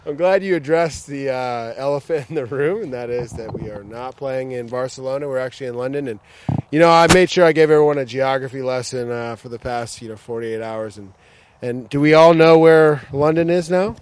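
A man's voice: medium pitch, fairly quick, a little hiss or hum. Upbeat American man hosting a podcast. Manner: upbeat, filler-heavy, joking. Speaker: podcast host. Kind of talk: casual sports podcast chat. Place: outdoors at a training ground.

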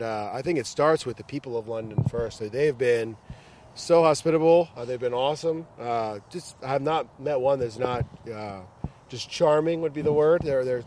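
A man's voice: mid-range voice, a little mellow, a little hiss or hum. An American man hosting a casual sports podcast outdoors, upbeat and joking, with many fillers. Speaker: podcast host. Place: outdoors at a training ground.

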